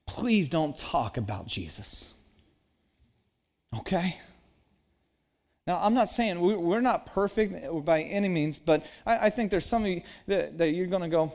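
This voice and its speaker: A man's voice: sits high, lively intonation, a little slow, a little mellow. A man preaching a sermon in an earnest, conversational way, acting out little asides. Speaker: pastor.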